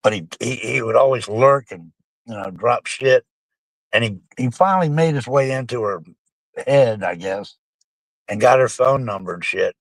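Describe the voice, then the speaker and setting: A man's voice: medium pitch, expressive, moderate pace, gravelly, no echo. A middle-aged man, rambling casually and profanely to his live-stream chat, calling them folks.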